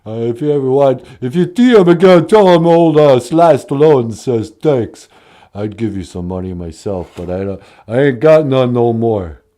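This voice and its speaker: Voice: medium pitch, expressive, moderate pace, dark tone, close to an everyday voice. A performer doing a mumbling tough-guy impression of a washed-up male movie star, drawling. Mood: glum.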